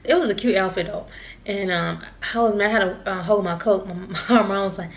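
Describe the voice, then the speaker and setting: A woman's voice: medium pitch, fairly even intonation, brisk, dull audio, slight background noise. A young woman vlogger telling a casual storytime, rambling and repeating herself, laughing at herself now and then.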